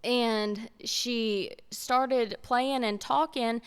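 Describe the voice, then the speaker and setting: A woman's voice: a little high, fairly even intonation, very slow, clean tone. A woman, co-hosting a faith-based talk show and telling stories earnestly. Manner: earnest, storytelling, repeats for emphasis. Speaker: podcast co-host. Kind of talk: casual faith-based chat.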